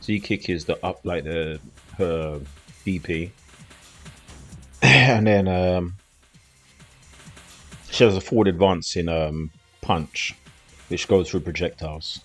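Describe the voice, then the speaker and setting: A man's voice: sits low, slow pace, pauses often, fairly bright tone, faint music behind. A man, casually commentating a fighting game on a live stream in a loose, slangy, rambling way. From southeast England.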